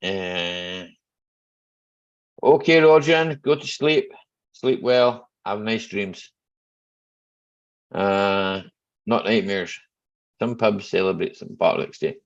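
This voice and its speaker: Middle-aged Scottish man, gravelly and unhurried, hosts a chatty home live stream; dull lo-fi sound. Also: lowish voice. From Scotland. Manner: chatty, joking, greets viewers by name. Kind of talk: casual live chat reading viewer comments.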